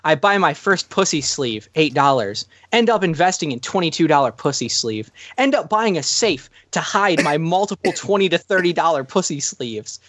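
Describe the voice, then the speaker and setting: A man hosting a loose group podcast, talking in a fairly high voice. He stumbles and repeats words as he gets going. The sound is dry and close. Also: animated, moderate pace, hardly any pauses, fairly bright tone, dry recording. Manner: stammering, repeats words when starting a point. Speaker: podcast host. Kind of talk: casual group chat, reading forum posts aloud.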